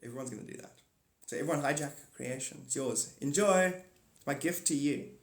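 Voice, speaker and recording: A man's voice: medium pitch, a little fast. A man hosting a livestream, rambling through a monologue and answering chat comments aloud. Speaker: livestream host. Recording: echoey room.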